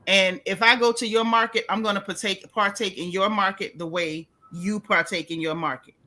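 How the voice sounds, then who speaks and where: Bright-voiced, emphatic woman host. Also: mid-range voice, normal speed. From United States. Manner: animated, emphatic, sassy, with repeated restarts. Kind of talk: casual reality-TV gossip chat.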